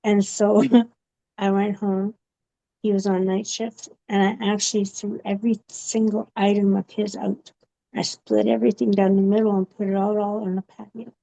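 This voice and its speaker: Gravelly woman, halting. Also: medium pitch, level tone, mellow. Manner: halting, with frequent pauses and fillers. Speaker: guest giving a testimony. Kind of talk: personal testimony interview. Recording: dull, muffled recording.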